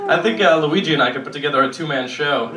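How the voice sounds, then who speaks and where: A man's voice: fairly high pitch, quick pace, very noisy. A young man doing a stand-up set on a comedy club stage, ranting in a sarcastic, profane way. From Boston area, USA. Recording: roomy club sound from a distance, loud crowd laughter.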